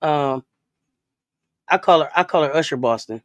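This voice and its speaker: A man's voice: on the high side, normal speed, no echo. A man hosting a casual sports talk stream, playful and repetitive, laughing often. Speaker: podcast host.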